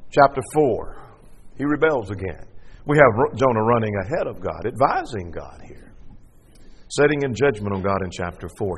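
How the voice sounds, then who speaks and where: Animated preacher man in a reverberant hall. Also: slightly rough. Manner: expressive, acts out scripture with rising pitch and drops to quiet asides. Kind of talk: sermon.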